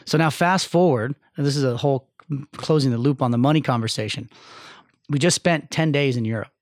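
A man in a podcast interview, rambling through a personal story, candid and swearing freely. His pitch is ordinary for a man. The recording is close and dry. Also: brisk, no room sound. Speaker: podcast guest.

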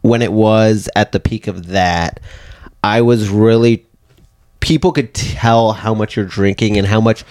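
A man's voice: fairly low pitch, measured pace, darkish tone. A young man co-hosting a casual comedy podcast, candid and rambling, laughing often as he talks. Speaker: podcast co-host.

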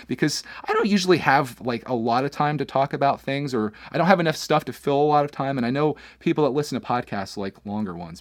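A man hosts his own podcast and talks to his viewers in a loose, candid ramble. He keeps circling back and restarting his sentences. His voice sits at an average pitch, recorded close in a dry studio. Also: dry recording. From Pennsylvania, USA. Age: adult, father of a young son. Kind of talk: casual personal podcast monologue.

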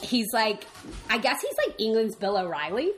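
A woman co-hosting a podcast in casual chat, talking fast and loose with lots of "like" fillers and laughing as she goes. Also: fairly high pitch, very animated. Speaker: podcast co-host. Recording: background noise.

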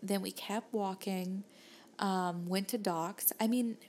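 A woman's voice: mid-range voice, steady tone, slow pace, a little mellow, a little hiss or hum. Young southern woman on a podcast, chatty and rambly, laughs a lot telling stories. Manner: rambling storyteller, laughs easily. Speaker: podcast co-host. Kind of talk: casual chat.

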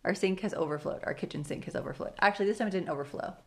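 A woman's voice: lowish voice, rapid-fire, vocal fry. A young woman co-hosting a casual podcast from home, a chatty storyteller who laughs often. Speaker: podcast co-host.

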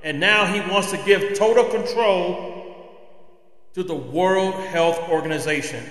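Angry male podcaster, slow deliberate rant, roomy reverb. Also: high voice, a bit bright. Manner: angry, ranting. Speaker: podcast host. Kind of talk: political commentary monologue. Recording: roomy echo with long reverb.

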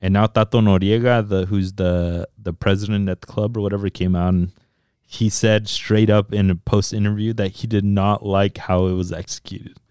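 Smooth-voiced man chatting about soccer. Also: lowish voice, moderate pace, no echo, clean studio sound. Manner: animated, swears, switches between English and Spanish. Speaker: soccer podcast co-host. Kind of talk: casual sports chat.

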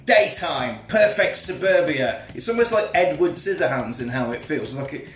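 A man's voice: fairly high pitch, animated, normal speed, fairly bright tone, reverberant, slight background noise. A man on a podcast, casually recapping a film plot and swearing freely. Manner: swears freely, retells plot with mocking voices. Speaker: podcast co-host. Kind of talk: casual film-review chat.

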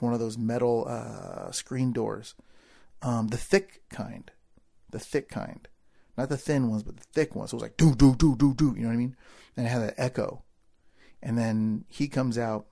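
A man telling a personal story to a crowd, acting out the people in it and swinging from quiet asides to loud bursts. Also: mid-range voice, moderate pace, creaky. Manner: animated storyteller, acts out voices of people in the story. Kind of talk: storytelling speech.

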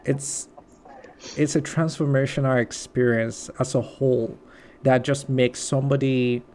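A man's voice: medium pitch, fairly even intonation, measured pace, darkish tone, a little hiss or hum. A man hosting a faith-centered podcast interview, talking reflectively and often saying "like" as he thinks aloud. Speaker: podcast host. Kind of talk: conversational interview.

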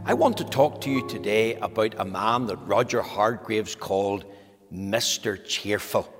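A man giving a children's talk in church, telling a story slowly and gently to the children. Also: lowish voice, animated, music in the background. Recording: long hall reverb.

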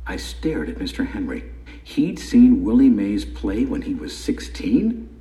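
A man narrating a first-person story for an audiobook in a lively storytelling way, with a roomy echo. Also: lowish voice, unhurried.

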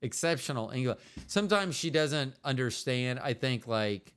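Guy cohosting a chill couples podcast, smooth clear voice, rambly and joking about himself. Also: mid-range voice, animated, normal speed, fairly bright tone. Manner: rambling, self-deprecating and joking, with many restarts. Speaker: podcast co-host. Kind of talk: casual chat with his partner.

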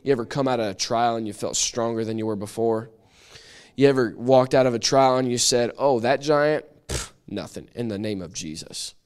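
A man teaching a church Bible study, conversational and lively, acting out little quoted voices as he explains. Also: mid-range voice, brisk, clean tone.

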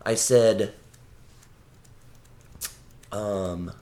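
A man's voice: lowish voice, steady tone, drawn-out words, mellow. A man chatting as a podcast guest, rambling and swearing, often restarting his sentences. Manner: rambling and profane, with frequent restarts. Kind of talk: casual chat.

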